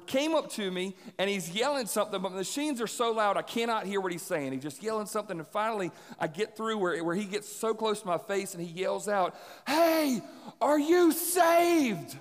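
A man preaching to a congregation, telling stories with animated energy and acting out the people in them. His voice sits high for a man. Long reverb rings through the church hall. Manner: animated storyteller, acts out voices. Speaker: pastor. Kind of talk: sermon with personal stories.

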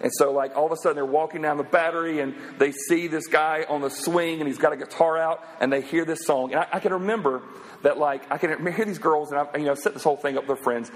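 A man's voice: a little high, quick pace. Man preaching in a reverberant hall. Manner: storytelling, animated and conversational. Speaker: pastor. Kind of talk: sermon.

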